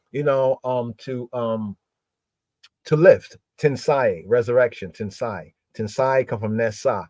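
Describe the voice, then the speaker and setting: A man hosting a livestreamed bible word study, repeating key words slowly and often checking in with "right?". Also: mid-range voice, mellow, no room sound.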